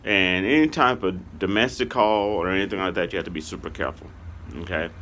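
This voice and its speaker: A man from Kansas City, Missouri, telling a casual story to his channel's viewers, rambling and filling pauses with "okay" and "you know.". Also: sits low, bright, forceful tone, a little hiss or hum.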